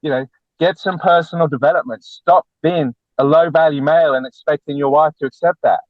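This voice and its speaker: A man speaking as a relationship coach guest on a podcast, lecturing bluntly and forcefully, with lots of repetition. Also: a little high, brisk, dry recording. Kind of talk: podcast interview. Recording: tinny phone-like dry line.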